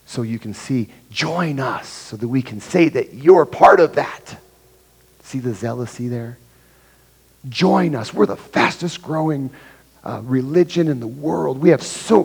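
A man's voice: on the low side, darkish tone. Guy preaching a sermon in a church, voice ringing off a big hall, acts out the quotes. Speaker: pastor. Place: church sanctuary. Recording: long hall reverb.

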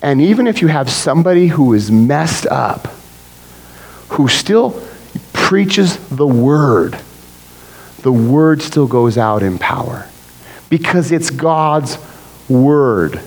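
A middle-aged man preaching a conversational sermon, animated and full of "right?" asides. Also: medium pitch, slow pace, long pauses, low-quality recording.

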